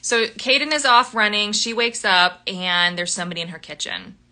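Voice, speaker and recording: Young woman chatting on a book club live, super bright voice, laughs a lot, lots of ums. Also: medium pitch, steady tone, moderate pace. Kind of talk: casual book chat on a livestream.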